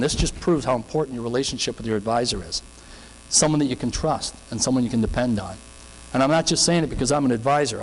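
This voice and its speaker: A man's voice: mid-range voice, slight background noise. Earnest Canadian man, reverberant hall. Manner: earnest, conversational, anecdotal. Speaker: financial advisor. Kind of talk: seminar talk. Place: seminar room.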